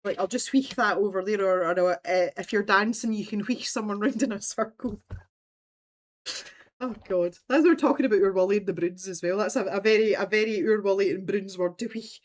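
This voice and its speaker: A woman's voice: medium pitch, a little fast. A woman with a Scottish accent hosting a casual livestream from home, talking in a rambling, chatty way and laughing often. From Scotland. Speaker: livestream host.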